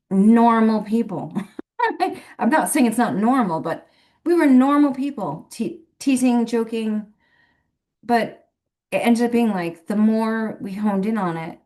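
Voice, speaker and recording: A woman's voice: medium pitch, a little mellow. A woman who works as a medium, telling a rambling story in a casual, chatty way and laughing often between phrases. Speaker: professional medium.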